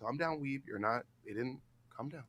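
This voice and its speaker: A man co-hosting a livestream in casual chat, loud, profane and excitable. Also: medium pitch, normal speed. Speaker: livestream co-host.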